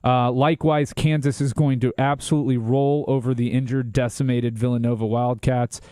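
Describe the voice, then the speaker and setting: A man's voice: medium pitch, little pitch movement, warm tone, smooth, dry recording, clean studio sound. Opinionated man talking sports. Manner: confident, opinionated, rapid predictions. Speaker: sports show co-host. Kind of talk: casual sports talk.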